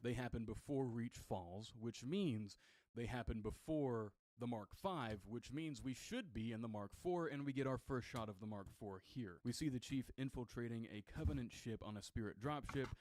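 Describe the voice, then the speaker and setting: A man giving an excited trailer breakdown as a video game commentator. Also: mid-range voice, normal speed. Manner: excited, enthusiastic.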